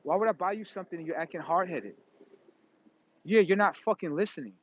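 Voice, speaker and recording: A man's voice: high voice, expressive, brisk, slight background noise. A man in a profane, rambling, emphatic casual monologue. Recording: dull lo-fi recording.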